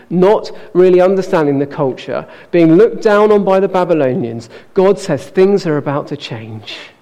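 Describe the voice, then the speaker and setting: A man preaching a sermon in earnest, slowing down to stress key words. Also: on the high side, mellow, in a large hall.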